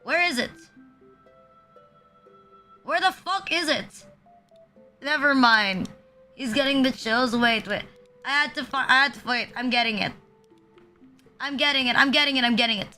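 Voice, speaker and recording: A woman's voice: high-pitched, moderate pace, pauses often, bright, forceful tone, soft background music. A young woman streaming from home, chatting casually in a crude, rambling way full of fillers, often laughing. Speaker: VTuber streamer. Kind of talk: casual live-stream chat.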